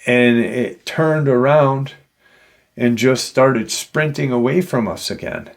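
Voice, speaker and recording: Slow, gravelly-voiced man telling a story. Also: mid-range voice. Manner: halting, full of "you know" fillers. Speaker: paranormal storyteller host. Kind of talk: retelling an encounter story.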